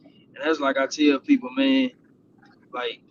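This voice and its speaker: A man in his forties calling in, talking in an animated, emphatic way with many restarts. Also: mid-range voice, a little slow, distant mic, muffled recording, background noise. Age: 40s. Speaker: guest caller. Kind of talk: casual chat.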